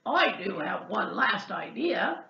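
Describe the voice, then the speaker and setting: A woman putting on a helpful male pig, gruff and snorting, with her voice pushed lower than her own. The storybook reading comes through dull and lo-fi. The room adds a clear echo. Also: sing-song, slow pace, distant mic. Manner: snorting, low. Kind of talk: storybook read-aloud. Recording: echoey room, dull lo-fi sound.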